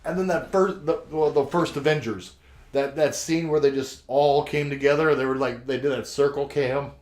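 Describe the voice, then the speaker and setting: A man's voice: mid-range voice, steady tone, normal speed, darkish tone, reverberant. A man co-hosting a casual podcast chat, gushy and emotional, who swears freely. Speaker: podcast co-host.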